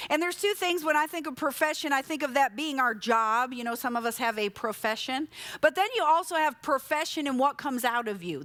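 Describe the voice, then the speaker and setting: A woman's voice: sits high, a bit bright, dry recording. A middle-aged woman preaching a sermon in a conversational way, asking rhetorical questions and telling personal stories. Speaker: pastor. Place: church sanctuary.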